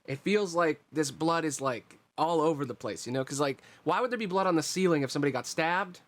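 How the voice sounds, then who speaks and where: A man's voice: on the high side, a little fast, a bit bright. A young man casually narrating a tabletop game as game master, with a loose, swearing, laid-back delivery.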